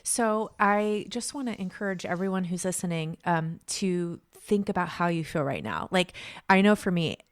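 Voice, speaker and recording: A woman's voice: lowish voice, dry recording, studio quality. A woman podcast host and coach, encouraging listeners and asking herself rhetorical questions. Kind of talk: podcast interview.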